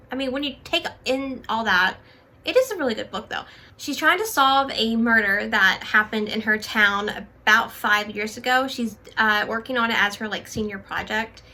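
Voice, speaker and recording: A woman's voice: fairly high pitch, sharp tone. A young adult woman chatting casually about her monthly favorites on her channel, full of "like" and "um", a bit out of breath. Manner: chatty, filler-heavy with lots of "like" and "um". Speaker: book YouTuber.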